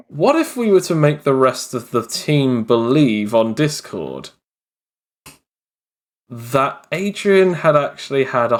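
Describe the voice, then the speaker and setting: Animated man telling a game story. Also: medium pitch. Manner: animated storyteller, many fillers. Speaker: game master. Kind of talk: casual storytelling chat.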